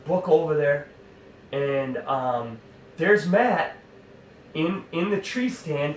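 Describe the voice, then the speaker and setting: A man tells a rambling hunting story in an animated, exasperated way, stopping often for fillers and asides. His voice sits at a middling pitch and sounds roomy, picked up from some distance, with a faint hum underneath. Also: slow pace, pauses often. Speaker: hunting club member telling a story. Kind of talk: casual spoken anecdote.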